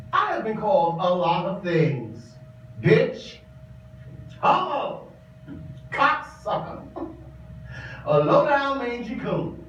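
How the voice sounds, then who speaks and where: Playing a flamboyant, sassy older drag queen in a stage monologue, a male actor speaks in a high-sitting voice with campy theatrical flair, addressing the listener as darling. Slight background noise is present, and the exhibition hall's echo makes the recording distant, roomy and dull.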